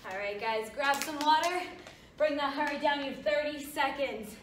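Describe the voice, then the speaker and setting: Out of breath, a fitness coach with a high-pitched voice leads a workout at normal speed, offering encouraging cues on form. The mic sits at a distance in an echoey room, with a little hiss or hum.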